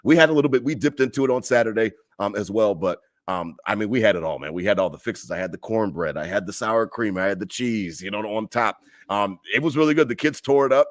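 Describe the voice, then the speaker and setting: A man's voice: fairly low pitch, lively intonation, fast, few pauses, no room sound, clean studio sound. A man co-hosting a sports podcast, giving blunt, opinionated takes in casual chat and repeating himself when fired up. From Buffalo area fan living in Charlotte. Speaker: podcast co-host.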